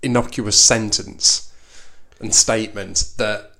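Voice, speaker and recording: A man's voice: fairly low pitch, fairly even intonation, slow, pushed and bright. A man co-hosting a casual podcast chat, thoughtful with a dry humour, often repeating words while he thinks. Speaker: podcast co-host.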